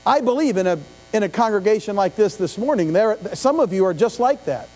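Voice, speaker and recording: A high-pitched, slightly mellow middle-aged pastor preaches in an animated, fairly quick, conversational style, regularly questioning the congregation and adding asides. The sanctuary sermon is a live church stream with long reverb and mains hum.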